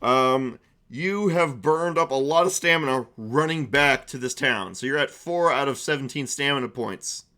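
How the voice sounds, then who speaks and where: A man's voice: mid-range voice, normal speed, pushed and bright. Rambling man running a tabletop game. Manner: rambling and playful, with many restarts and fillers. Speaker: streamer and game master. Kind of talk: narrating a tabletop game on stream.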